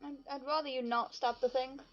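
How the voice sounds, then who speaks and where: High-voiced blunt woman player. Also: level tone, brisk, lo-fi sound, faint music behind. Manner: blunt, laughing, swears. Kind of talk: casual tabletop role-play.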